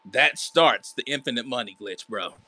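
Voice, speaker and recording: A man voicing a slick animal hustler character who puts on a fake accent to pitch a deal. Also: normal speed, pushed and bright. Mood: hustling. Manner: smooth-talking salesman with a put-on fake accent. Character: slick smooth-talking male hustler character.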